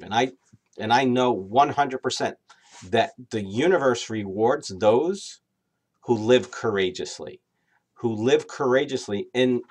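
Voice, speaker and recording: A man giving dating advice straight to camera, lively and acting out quoted inner voices. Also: mid-range voice. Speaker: dating coach. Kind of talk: direct-to-camera advice talk.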